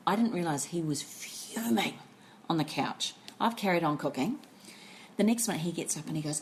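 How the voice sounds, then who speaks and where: Casting: woman, podcast co-host, lively swooping delivery, laughs easily, faint room hiss behind. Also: sits low, brisk. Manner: animated storyteller, laughs often. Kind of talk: casual chat.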